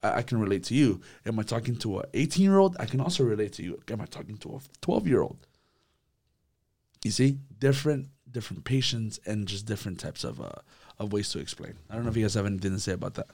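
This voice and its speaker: A man leading a church youth group discussion, animated and repetitive, acting out quotes as he talks. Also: fairly low pitch, fast talker. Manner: animated, acts out quotes, repeats words. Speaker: youth leader.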